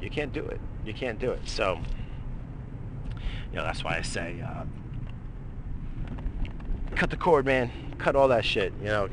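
A man's voice: lowish voice, fairly bright tone, slight background noise. A man hosting a radio show, rambling casually with lots of swearing and fillers. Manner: profane, rambling, many fillers.

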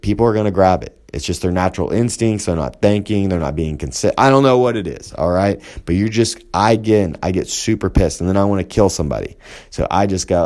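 Low-voiced man giving casual coaching advice. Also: fairly quick, a little mellow. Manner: conversational, rambling, acts out quoted exchanges. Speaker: jiu-jitsu coach. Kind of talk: casual instructional talk.

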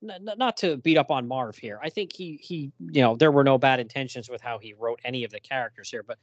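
A man's voice: medium pitch, fast, no echo, dull audio. A man co-hosting a podcast, chatting casually about a comic and laughing often. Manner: chatty, laughs often, reads quotes aloud. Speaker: podcast co-host. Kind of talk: casual chat reviewing a comic.

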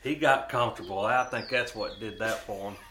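A man's voice: lowish voice, a bit bright. A man hosting an outdoors podcast, telling hunting stories in a folksy, easygoing way with restarts. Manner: folksy, drawn-out storytelling with restarts. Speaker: podcast host. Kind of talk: casual storytelling chat. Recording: roomy with faint noise.

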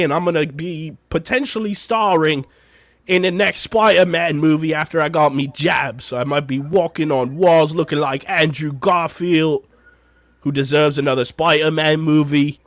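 A man's voice: a little high, moderate pace, no room sound, voice pushed up, natural voice. A man playing up a cheeky Cockney London accent as he hosts a podcast, tired and playful with exaggerated slang. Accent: Cockney London, put on. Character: cheeky Cockney London bloke, the host himself. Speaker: podcast host.

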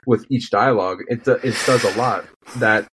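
A man's voice: mid-range voice, background noise. A man co-hosting a podcast, rambling eagerly about comics and acting out characters' lines as he goes. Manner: fast, rambling, acts out comic-book quotes. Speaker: podcast co-host. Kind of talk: casual chat.

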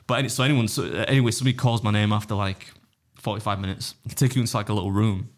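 A competitive eater appears as a guest on a casual podcast, telling an animated story in a fairly low, racing voice. He acts out other people's lines and voices, swears freely, and laughs often.

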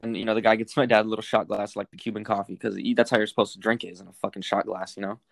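Young male co-host, fast, slightly low voice, swears freely, dry close mic. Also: flat delivery, gravelly, no room sound. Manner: swearing, rambling storyteller. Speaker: podcast co-host. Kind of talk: casual chat reading facts aloud.

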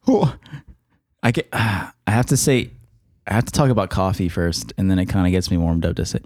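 A young man co-hosting a casual podcast, animated and quick to banter. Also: low voice. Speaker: podcast co-host. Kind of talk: casual chat.

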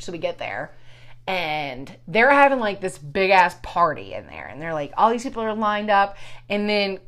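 A woman in casual conversation with a middle-pitched voice. She tells a story with lots of swearing and heat. She jumps into acted-out quotes as she goes. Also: big pitch swings, moderate pace. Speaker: storyteller in a chat. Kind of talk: casual chat.

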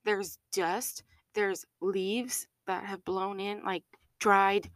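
A woman's voice: medium pitch, steady tone, drawn-out words, fairly bright tone, no echo. A woman co-hosting a podcast in casual chat, talking with many fillers and frequent laughs. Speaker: podcast co-host.

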